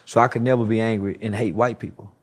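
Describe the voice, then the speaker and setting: A man telling his life story in conversation, earnest and halting, with frequent restarts. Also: on the low side, steady tone.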